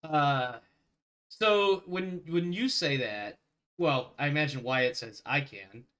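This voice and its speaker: A man's voice: a little high, expressive, takes it slowly, a bit bright, clear, resonant tone. A man running a tabletop game as game master, narrating loosely, laughing easily and rambling.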